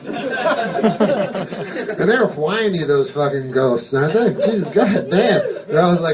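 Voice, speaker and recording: A man doing stand-up on a comedy club stage, in a rambling deadpan way with profane asides. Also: high-pitched, unhurried, pauses often, a crowd in the background. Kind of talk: stand-up routine. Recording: noisy live recording from far off.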